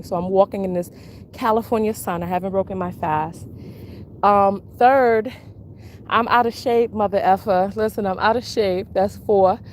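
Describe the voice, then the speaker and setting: A woman's voice: mid-range voice, a little hiss or hum. A woman chatting on a live stream while out on a walk, out of breath and sassy, laughing as she talks back to her commenters. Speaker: vlogger and podcast host. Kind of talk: casual live-stream chat while walking. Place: outdoors on a walk. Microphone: handheld camera while walking.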